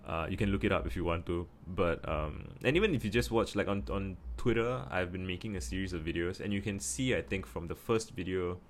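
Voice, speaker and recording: A young Singaporean man with a Singaporean accent, musing in a casual video monologue and deliberately speaking slowly from his chest. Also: slight background noise. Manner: practicing a slow, deep, chest voice; thoughtful, many fillers and restarts. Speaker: vlogger.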